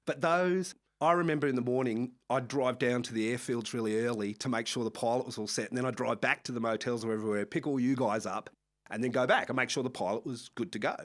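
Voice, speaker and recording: A man with an Australian accent, a music manager telling lively anecdotes in a casual interview. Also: medium pitch, quick pace. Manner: animated anecdotes with frequent laughs and acted-out quotes. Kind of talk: casual storytelling chat.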